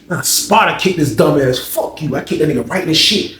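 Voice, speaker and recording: A man's voice: very fast, few pauses, reverberant. A man telling a long personal story in casual, profane speech, acting out the voices of the people in it. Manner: animated, profane, acts out quoted voices with big jumps up in pitch. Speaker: storyteller vlogger.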